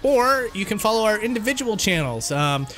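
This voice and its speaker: A man hosting a casual gaming podcast, upbeat and quick to laugh. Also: high voice, sing-song, fairly bright tone, faint music behind. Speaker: podcast host.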